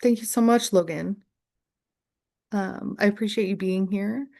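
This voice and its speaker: A woman leading an online poetry workshop, answering questions slowly and thoughtfully with many fillers. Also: medium pitch, gravelly, dark tone.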